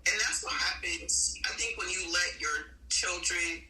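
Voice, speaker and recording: A man's voice: high-pitched, measured pace. A man, a guest on a podcast, talking in casual chat and chiming in with agreement. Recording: echoey room with faint noise.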